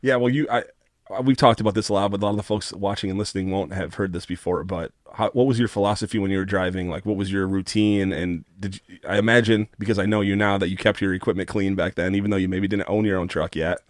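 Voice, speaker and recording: Relaxed Midwestern American male podcast host. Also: low-pitched, fast talker, no echo, clean studio sound. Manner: upbeat announcer delivery in the intro, relaxed conversational questions after. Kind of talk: scripted show intro, then casual interview.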